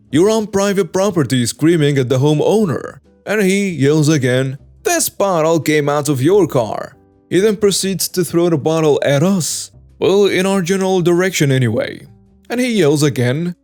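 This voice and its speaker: Man reading a story over soft music. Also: a little high, lively intonation, normal speed. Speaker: story narrator. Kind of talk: scripted narration.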